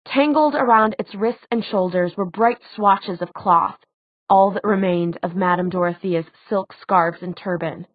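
A woman narrating a fantasy audiobook in a measured, dramatic way. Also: mid-range voice, dry recording. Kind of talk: scripted narration. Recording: tinny phone-like dry sound.

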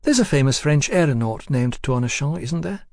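A man's voice: fairly high pitch, lively intonation, normal speed, gravelly, darkish tone, dry recording, studio quality, voice pushed up. A man voicing a genteel, grey-haired aristocratic older woman, polite and prim.

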